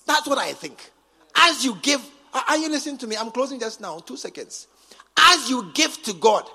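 A man with a Ghanaian English accent preaching a sermon as bishop, emphatic and repetitive, swinging from quiet asides to shouts. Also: extremely high pitch, husky, big-room sound. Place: large cathedral.

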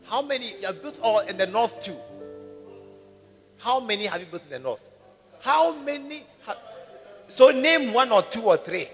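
A man preaching a sermon to his congregation, calling for responses and rising to shouts. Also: extremely high pitch, expressive, normal speed, long pauses. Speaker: pastor. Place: large church hall. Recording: reverberant hall with faint music.

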